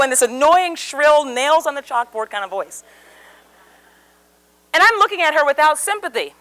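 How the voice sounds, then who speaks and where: This woman's voice sits high and moves at a normal speed as she presents a live seminar. A communication speaker, she narrates a story vividly and acts out each voice she quotes.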